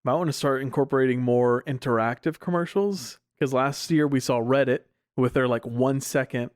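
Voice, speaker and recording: Laid-back young man, smooth dry voice. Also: mid-range voice, moderate pace, dry recording. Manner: relaxed, loose, with filler words and laughs. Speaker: podcast co-host. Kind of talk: casual chat.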